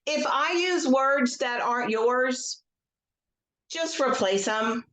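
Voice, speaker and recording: A woman, an educational psychologist, leading a guided tapping session with slow, gentle affirmations and casual asides, speaking over a video call from home. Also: high voice. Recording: echoey room.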